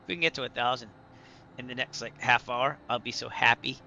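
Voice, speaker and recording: A man live-streaming flight sim commentary, excitable, effusive and grateful, chatting and thinking aloud as he sets things up. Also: mid-range voice, fairly quick, vocal fry, no echo, highs cut off.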